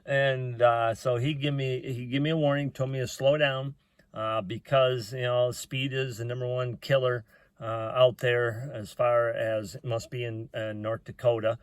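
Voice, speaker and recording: A man's voice: medium pitch, flat delivery, measured pace, clear, resonant tone, no room sound. A middle-aged man telling a personal story in a rambling, folksy way, with plain talk and lots of "uh" fillers.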